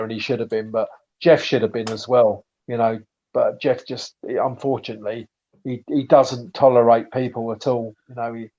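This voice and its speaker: A man from England chats as a podcast guest, spinning blunt, sweary stories with plenty of false starts. His voice sits at an ordinary middle pitch, and the sound is slightly dull and lo-fi. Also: a little mellow. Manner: chatty storyteller, frequent swearing and restarts. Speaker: podcast guest, bait maker. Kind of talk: casual podcast chat.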